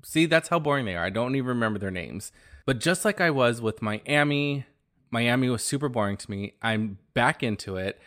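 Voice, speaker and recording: A man hosting his own podcast, talking in a casual, animated and gossipy way, often exclaiming. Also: mid-range voice. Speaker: podcast host.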